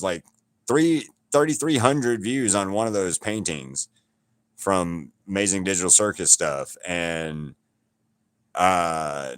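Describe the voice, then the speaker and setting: A man's voice: deep voice, a bit bright, clear, resonant tone, no echo. A middle-aged man from Alabama, chatting casually with his livestream viewers as a painter, rambling and swearing freely. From Alabama, USA. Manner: rambling, swears freely, talks straight to chat.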